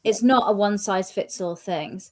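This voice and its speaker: A woman's voice: mid-range voice, normal speed, a little mellow. Playful, emphatic Welsh-born woman. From Wales. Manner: playful, emphatic, mock-indignant. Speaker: panel co-host. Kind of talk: casual panel chat.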